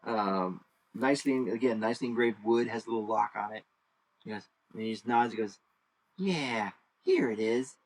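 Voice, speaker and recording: A man acts as game master for a tabletop role-playing game, narrating and running it in a loose, rambling way with lots of fillers. His tone is steady and a little fast, but he bursts into high, shouted character voices. The recording is low quality.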